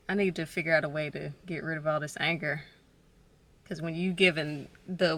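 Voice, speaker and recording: Bright-voiced woman vlogging from her car. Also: low voice, steady tone, normal speed. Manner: chatty, self-mocking, slangy. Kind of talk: casual vlog chat. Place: parked car in a parking garage.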